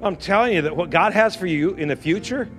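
A pastor in his fifties delivers a fervent sermon in a high, bright voice. He repeats his exhortations and turns to speak directly to listeners in the room. Soft music plays faintly underneath. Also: expressive, fairly quick. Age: 50s. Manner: fervent, repetitive exhortation with asides to the congregation. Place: church sanctuary.

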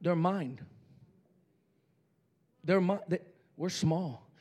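A male pastor preaching a sermon fervently, swinging between loud shouts and near-whispers. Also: sits high, extremely slow, breathy edge.

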